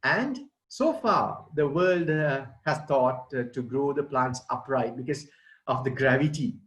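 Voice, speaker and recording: A man's voice: medium pitch, animated, unhurried, rough recording. A middle-aged man, giving an online presentation as a gardening expert and explaining things to children and parents.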